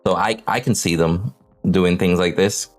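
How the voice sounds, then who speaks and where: A man hosting a casual livestream panel on game patch notes, energetic, swearing and often tagging lines with "right?". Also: low voice, a little slow, faint music behind. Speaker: host of a game update panel.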